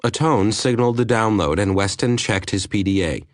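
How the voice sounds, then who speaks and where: A man reading an audiobook aloud in a measured, even narration. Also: on the low side, dry recording, clean studio sound. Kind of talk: scripted narration.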